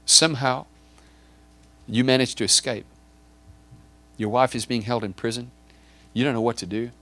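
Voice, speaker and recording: A man's voice: mid-range voice, steady tone, moderate pace, sharp tone, no room sound. A man preaching a sermon, acting out a scene in vivid detail and often repeating or stumbling over words as he builds it. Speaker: pastor.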